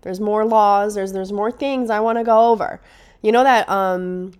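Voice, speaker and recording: Young woman, solo podcast host, stuffy cold voice, chatty and enthusiastic, mid pitch. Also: steady tone, normal speed, a little mellow, clean tone. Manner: chatty and enthusiastic, with frequent restarts. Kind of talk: casual solo podcast monologue.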